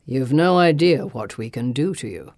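A man's voice: fairly high pitch, animated, moderate pace, darkish tone, dry recording, studio quality, pitched below the performer's own voice. A woman voicing a cold, threatening aristocratic lord who speaks evenly. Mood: menacing.

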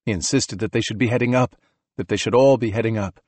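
A man narrating an audiobook in a steady, measured reading voice. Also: lowish voice, dry recording. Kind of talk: scripted narration.

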